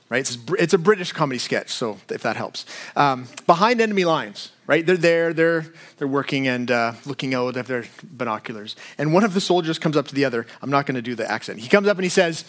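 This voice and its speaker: A middle-aged man preaching a sermon in a conversational way, with loose asides and quick shifts of voice when he retells a story. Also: a little high, lively intonation, a bit bright. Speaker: pastor.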